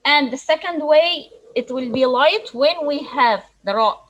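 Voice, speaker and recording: A woman's voice: sits high, a bit bright, lo-fi sound. A woman teaching recitation rules in an online lesson, explaining patiently with frequent restarts. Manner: explains slowly with frequent restarts, models Arabic words aloud.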